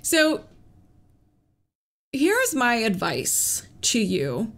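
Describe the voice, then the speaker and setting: Woman cop vlogging about getting through a rough time, earnest and open, little laughs here and there. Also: on the high side, extremely slow. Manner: earnest and candid, laughs between thoughts, repeats calming phrases. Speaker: police officer sharing her recovery story. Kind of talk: personal advice vlog.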